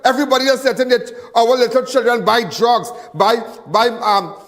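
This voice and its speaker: Angry man ranting, high voice. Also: normal speed, a bit bright, long reverb tail. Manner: angry, repetitive, stumbling restarts. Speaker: crime show host. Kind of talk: impassioned live TV commentary.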